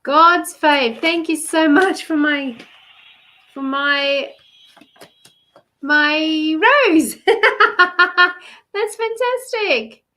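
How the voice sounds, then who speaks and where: Australian woman, bright sharp tone, fairly high voice, chatty live-stream card reader, laughs a lot. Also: extremely slow, long pauses. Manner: chatty, laughs often, greets viewers by name. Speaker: love coach and card reader.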